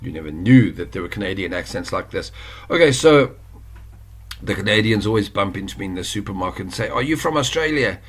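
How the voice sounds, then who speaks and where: A South African man walks through an online course lesson in a relaxed, chatty way. His voice sits a little low. He wanders off on asides and corrects himself mid-sentence. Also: brisk, faint music behind. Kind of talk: casual screen-share tutorial.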